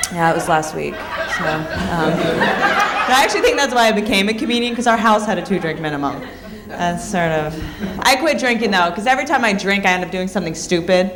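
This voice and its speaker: A woman with a mid-range voice tells deadpan, self-mocking one-liners at a comedy club. A crowd laughs behind her and the room noise is clear. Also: medium pitch. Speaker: stand-up comedian. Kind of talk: stand-up routine. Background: audience laughing.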